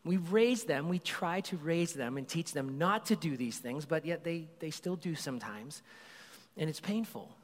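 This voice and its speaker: A man's voice: on the high side, normal speed. A middle-aged man preaching a sermon as a pastor, telling stories about his kids in a casual, conversational way. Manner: conversational storytelling, animated when excited. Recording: long reverb of a large hall.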